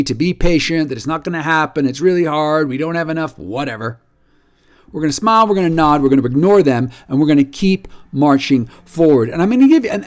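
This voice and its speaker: Animated, high-voiced man telling stories. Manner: animated storyteller acting out quoted dialogue; emphatic, repeats words when excited. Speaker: nonprofit leader. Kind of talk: casual video update.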